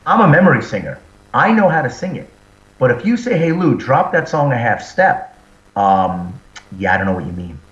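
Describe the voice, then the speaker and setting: A metal band's singer and frontman, appearing as a guest, chats casually in an interview with a medium-pitched voice at a moderate pace. He's an animated storyteller who acts out the quotes in his anecdotes. The recording sounds roomy, dull and lo-fi.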